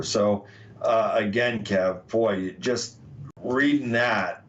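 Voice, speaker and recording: American male podcast host, low register, halting delivery, dull lo-fi recording. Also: distant mic, slight background noise. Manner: hesitant, many uh fillers. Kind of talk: casual podcast talk, reading documents aloud. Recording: dull lo-fi audio.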